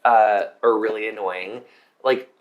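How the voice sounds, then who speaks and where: A man's voice: fairly low pitch, fairly even intonation, measured pace, lo-fi sound. A man chatting as a hairstylist guest while doing someone's hair, gushing and packing his talk with "like". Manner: gushing, filler-heavy with constant "like". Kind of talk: casual chat while styling hair.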